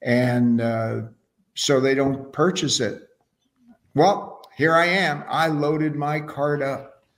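A man's voice: a little high, fairly even intonation, slow pace. A man talking as an interview guest, telling stories in an enthusiastic, casual way with frequent restarts. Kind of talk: casual conversational storytelling.

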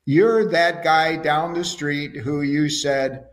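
A man with a highish voice speaks slowly and in a steady tone as an interview guest. He tells stories casually and enthusiastically, often restarting his sentences, in a conversational storytelling style.

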